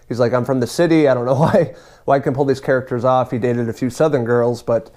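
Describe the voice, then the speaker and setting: A man's voice: mid-range voice, darkish tone. A man giving a casual, rambling movie review, swearing freely and laughing now and then. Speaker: film reviewer.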